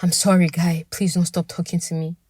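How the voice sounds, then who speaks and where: A woman voicing a young male friend high on drugs, erratic, pleading and menacing by turns. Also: flat delivery, fairly quick, darkish tone, husky, no echo, clean studio sound. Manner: pleading then ferocious, shaky.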